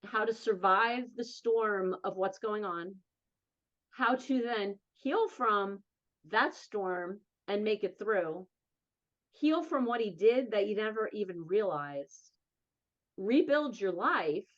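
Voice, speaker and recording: A woman's voice: medium pitch, lively intonation. Earnest woman, slightly lo-fi sound. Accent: New Jersey. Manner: earnest, emphatic, quick bursts of speech. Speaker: interview guest, domestic violence advocate. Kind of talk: candid personal storytelling.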